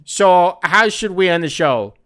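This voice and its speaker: A man voicing a flustered TV writer who halts as he pitches an ending, in a loud, mocking tone. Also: animated, unhurried, clear, resonant tone.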